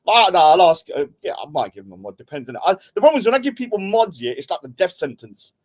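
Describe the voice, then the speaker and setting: A man's voice: sits high, sing-song, fast. A middle-aged man, casually rambling and joking while he hosts a livestream and reads out chat. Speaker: livestream host.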